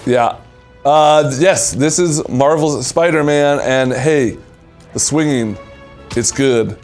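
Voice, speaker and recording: A man's voice: medium pitch, takes it slowly, a little mellow, soft background music. A man hosting a video game showcase, casually commenting and explaining as he plays, eager to show things off. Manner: eager, explaining while playing. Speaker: host demonstrating a video game.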